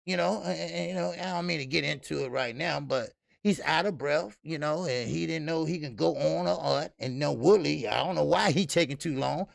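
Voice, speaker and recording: In studio-quality audio with no room sound, a boxing stream host speaks in a fairly high, gravelly voice at a moderate pace with few pauses. He welcomes viewers and rants casually, rambling with plenty of fillers and swearing.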